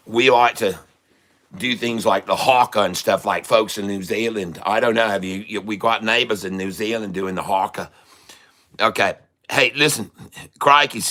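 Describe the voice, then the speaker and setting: A man voicing a brash, excitable old Australian wildlife expert with a put-on Australian accent, rambling and laughing often. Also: on the low side. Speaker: day-trading streamer.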